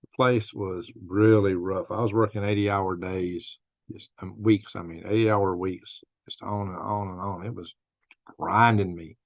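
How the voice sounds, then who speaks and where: A man's voice: deep voice, steady tone, unhurried, vocal fry, no room sound, lo-fi sound. An older man hosting a casual live-stream, telling rambling stories and laughing at his own jokes. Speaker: host of a news and commentary stream.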